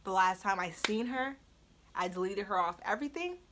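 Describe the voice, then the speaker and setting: A woman's voice: mid-range voice, lively intonation, moderate pace, very noisy. A young woman telling a story on her vlog in a blunt, profane way, with frequent laughs. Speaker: storytime vlogger. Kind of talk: casual storytelling.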